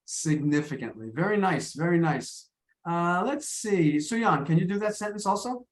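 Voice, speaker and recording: Over a video call, an American man teaches an English class, patient and encouraging, repeating words while he gathers his thoughts. His voice sits high, with lively intonation and a moderate pace.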